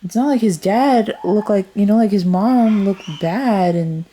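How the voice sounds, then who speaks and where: There's a bit of background noise as a woman with a medium-pitched, mellow voice gives a casual tarot reading at a measured pace. Rambling as she thinks aloud, she comes across as frank and blunt and swears freely.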